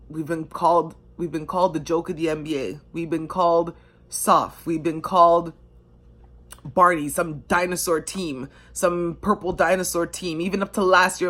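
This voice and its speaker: A woman's voice: lowish voice, fairly bright tone. A woman from Canada telling her story as a devoted sports fan in a passionate, emotional, conversational way with many fillers. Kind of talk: personal storytelling to camera.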